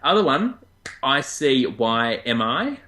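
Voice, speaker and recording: A man with an Australian accent, co-hosting a casual weird-news podcast and chatting in a lively, joking way. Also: slow. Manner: chatty, jumps up in pitch for jokes. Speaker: co-host.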